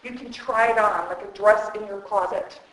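A woman preaching at a retreat, lively and emphatic, repeating words for effect. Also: medium pitch, normal speed, distant mic, slight background noise. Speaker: retreat speaker. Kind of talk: sermon. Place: hall at a church retreat. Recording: echoey hall.

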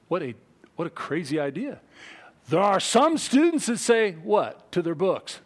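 A pastor preaching to his congregation in a high, light voice. He is emphatic and animated, jumping into voices for the people he quotes and leaning hard on key words. He leaves pauses between his phrases. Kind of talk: sermon.

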